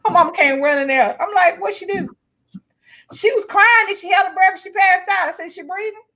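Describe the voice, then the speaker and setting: High-voiced blunt woman telling stories. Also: quick pace, sharp tone. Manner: blunt, profane storytelling with laughs. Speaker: co-host. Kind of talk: casual chat.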